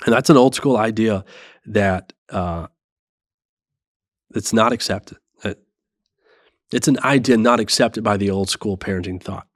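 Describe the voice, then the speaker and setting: Man in his thirties, low voice, earnest and measured, dry close sound; parenting show host. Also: no room sound. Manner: earnest, measured, self-reflective. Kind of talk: reflective monologue.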